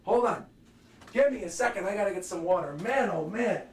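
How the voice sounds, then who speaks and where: Hoarse, high-voiced excitable man streaming. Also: fairly quick. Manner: excitable, rambling, talks to chat and his dog. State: hoarse, voice worn out. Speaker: streamer reading donations. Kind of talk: casual livestream chat.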